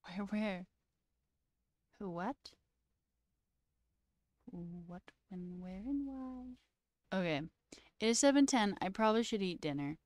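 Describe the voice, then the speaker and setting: A woman's voice: medium pitch, expressive, slow pace, long pauses, darkish tone, no room sound. Giggly woman streamer, dry close sound. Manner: giggly, drops into whispers. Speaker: livestream host. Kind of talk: casual chat with viewers.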